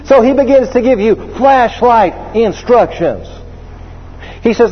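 A man preaching a sermon, working through scripture and telling humorous stories with acted voices in an animated way. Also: extremely high pitch, measured pace, slightly rough. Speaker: pastor. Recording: muffled, with long reverb of a large hall.

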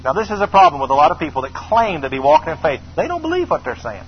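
A man's voice: fairly high pitch, huge pitch swings, quick pace, breathy edge. A middle-aged man preaching a sermon emphatically, repeating phrases and calling on the congregation to answer. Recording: slightly dull recording with faint noise.

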